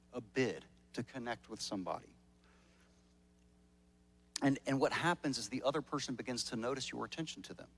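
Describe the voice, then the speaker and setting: A male pastor preaching a sermon at a church service in a conversational, joking way, often repeating words as he starts a sentence. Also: mid-range voice.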